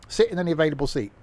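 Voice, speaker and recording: A man's voice: on the high side, darkish tone. Rambling, self-mocking male game streamer. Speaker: streamer playing a train simulator. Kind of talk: casual live-stream commentary.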